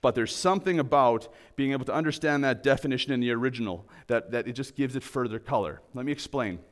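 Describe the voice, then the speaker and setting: A man's voice: mid-range voice, fast talker. Earnest man preaching a sermon. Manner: earnest, explanatory, with restarts. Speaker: pastor.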